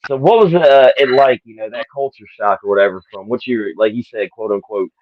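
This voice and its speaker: A man's voice: medium pitch, a little fast, a little hiss or hum. Southern guy hosting a chat, easygoing, says man a lot, kinda muffled audio. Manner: laid-back, lots of fillers, laughs often. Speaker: interviewer. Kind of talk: casual interview chat. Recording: dull lo-fi audio.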